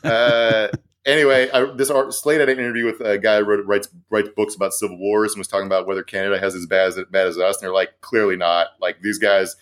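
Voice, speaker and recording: Quick-talking male co-host, fairly low voice, salty and jokey. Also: level tone, a bit bright. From American South. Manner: fast-talking, profane, laughing asides. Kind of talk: casual comedic news chat.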